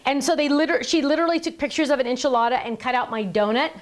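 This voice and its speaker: A woman's voice: high-pitched, rapid-fire. A middle-aged woman hosting a casual live stream, chatty and gushing, often laughing and talking aside to the person behind the camera. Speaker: live stream host showing handmade cards.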